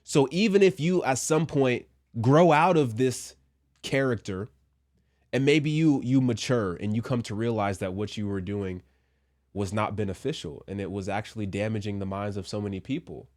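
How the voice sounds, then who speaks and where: A man's voice: on the low side, moderate pace, a little mellow. A man giving casual commentary from a Christian view, chatty with joking asides, and a little under the weather. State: a little sick. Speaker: commentary vlogger.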